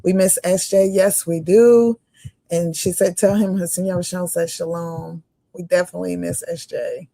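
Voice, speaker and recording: A woman's voice: fairly low pitch, completely flat delivery, normal speed, gravelly, hardly any pauses, dark tone, dry recording. A woman co-hosting a religious livestream, reading viewer comments aloud and often laughing.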